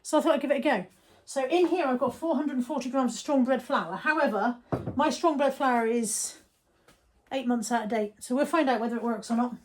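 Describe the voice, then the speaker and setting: A woman's voice: high voice, a little fast, slight background noise. A woman chatting casually to camera in her home kitchen, self-deprecating and often dropping to a near whisper. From England. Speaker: vlogger. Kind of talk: casual daily vlog chat.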